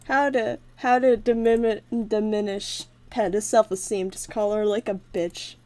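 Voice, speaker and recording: A young woman chatting casually on a livestream, giggling often and swearing freely. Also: mid-range voice. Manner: giggly, swears a lot, bursts into loud laughter. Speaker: livestream co-host. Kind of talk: casual chat.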